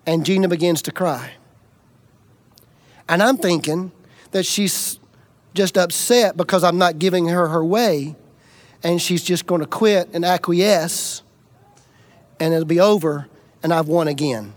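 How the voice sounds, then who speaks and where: A middle-aged man preaching to a congregation, telling a personal story with folksy humor, swinging between loud bursts and quiet intensity. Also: a little high, unhurried, pauses often. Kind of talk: storytelling sermon.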